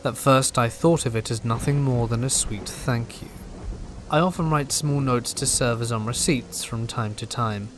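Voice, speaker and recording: A man narrates scary stories in a slow, hushed voice. His pitch sits in the middle range. Soft rain patters faintly behind him. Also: background noise. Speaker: horror story narrator. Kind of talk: scripted narration. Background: steady rain.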